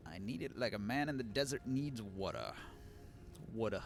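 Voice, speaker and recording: A man's voice: medium pitch, expressive, brisk, a little hiss or hum. A man with a Pacific Northwest accent giving sardonic live commentary as he plays a game, swearing often. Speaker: game streamer.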